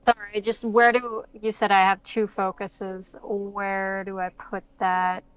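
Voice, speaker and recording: A woman's voice: medium pitch, slow, clear, resonant tone, no room sound. A woman playing a tabletop game, asking the game master unsure questions about the rules. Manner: asks questions, flat and unsure. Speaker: player. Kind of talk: casual game chat over voice call. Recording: dull lo-fi voice-chat audio.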